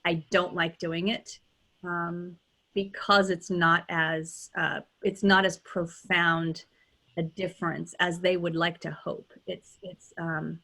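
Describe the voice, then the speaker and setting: A woman's voice: on the low side, little pitch movement, takes it slowly, bright, forceful tone. A woman who works as a dialect coach, answering interview questions over a video call in a thoughtful, candid way, with many fillers and restarts.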